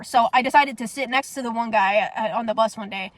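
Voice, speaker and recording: Young woman, fast and blunt, profane storyteller, dry close sound. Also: fairly high pitch, a bit bright, dry recording. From United States. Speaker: vlogger. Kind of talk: casual storytime monologue.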